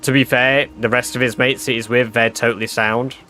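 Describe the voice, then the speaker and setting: A man chatting on a game stream, telling a story in an animated, swearing manner. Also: medium pitch, fairly quick. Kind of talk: casual livestream chat. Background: game music.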